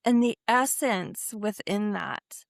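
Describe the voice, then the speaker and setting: A woman hosting an interview, telling stories in an animated way and often laughing as she talks. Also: medium pitch, slow pace, creaky, dry recording, clean studio sound. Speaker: host. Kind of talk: casual interview talk.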